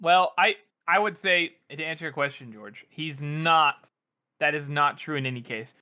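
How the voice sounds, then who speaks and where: A man's voice: on the high side, moderate pace, pushed and bright. A man co-hosting a podcast, talking enthusiastically about a novel, quoting characters and laughing. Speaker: podcast co-host. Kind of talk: casual chat about a novel.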